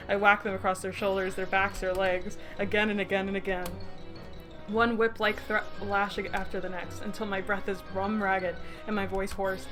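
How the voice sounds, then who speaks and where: Young woman streamer reading a game out loud, bright sharp voice, swears a lot and cracks up laughing, faint music behind. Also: mid-range voice, fairly even intonation, moderate pace. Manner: swears freely, bursts into laughter. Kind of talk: reading a visual novel aloud with reactions.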